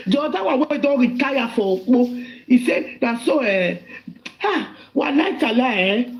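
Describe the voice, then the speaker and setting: A woman with a Nigerian accent calling into a live audio chat, speaking angrily and with animation as she mixes pidgin and English. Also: high-pitched. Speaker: caller.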